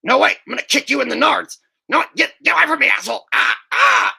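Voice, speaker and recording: Man impersonating a dimwitted cartoon teen, high strained yelp, excitable, blurting. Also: quick pace, vocal fry, slightly rough, heavily acted. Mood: panicked. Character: hyper, giggly teen cartoon boy, dimwitted.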